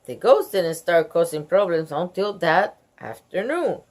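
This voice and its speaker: Animated woman reading a kids' book. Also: on the low side, measured pace. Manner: animated, gasping and laughing asides. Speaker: storybook reader. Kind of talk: reading a children's book aloud with reactions.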